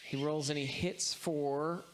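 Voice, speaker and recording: A man's voice: on the high side, fairly even intonation, slow pace. A man running a tabletop game as game master, calling rules and laughing often. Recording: noisy background hiss.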